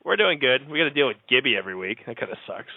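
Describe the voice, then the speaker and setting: A man's voice: medium pitch, big pitch swings, very fast, dry recording. A man hosting a casual comedy podcast, teasing his co-hosts with crude jokes. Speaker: show host. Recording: dry, tinny lo-fi sound.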